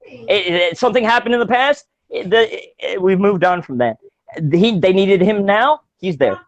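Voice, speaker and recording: Guy with a high voice rambling on a podcast, lots of uhs, dry close mic. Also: lively intonation, normal speed, dry recording, highs cut off. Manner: rambling, many fillers and restarts, laughs often. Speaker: podcast co-host. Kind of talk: casual podcast chat.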